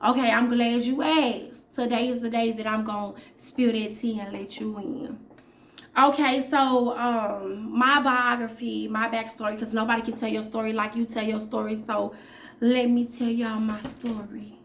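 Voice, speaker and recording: A woman in her thirties speaking casually to her viewers as a vlogger, chatty and direct, with many pauses and fillers. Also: a little high, fairly even intonation. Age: 30s. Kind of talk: casual talk to camera.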